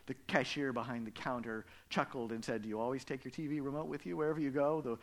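A man preaching a sermon as pastor, telling stories and dropping from loud emphasis to hushed whispers. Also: mid-range voice, steady tone, quick pace. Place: church.

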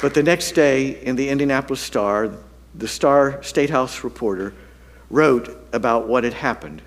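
A man, a pastor, telling a story in a sermon to his congregation, animated and self-deprecating, swinging from loud to hushed. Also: medium pitch, normal speed, a little hiss or hum.

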